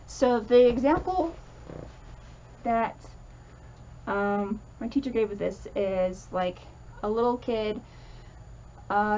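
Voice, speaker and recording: A woman's voice: medium pitch, measured pace, pauses often, darkish tone, dull audio. Woman teaching casually, lots of likes and you knows, little bit of hiss behind her. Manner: chatty, many fillers, acts out comforting quotes. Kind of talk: casual explanatory lesson.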